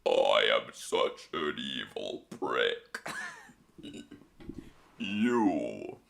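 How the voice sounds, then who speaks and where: Man doing a slow, booming evil-god voice, very low and gravelly, for a goofy game stream. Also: huge pitch swings, fairly bright tone, exaggerated voice. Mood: grandiose. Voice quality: very deep and gravelly. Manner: slow, grandiose commands. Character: booming evil self-proclaimed male god demanding worship.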